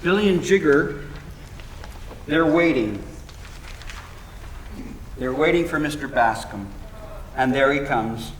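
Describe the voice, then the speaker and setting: A man narrating a musical's story on stage in a dramatic, deliberate storytelling manner. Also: a little high, animated, far from the mic. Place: concert hall. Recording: roomy hall with faint noise.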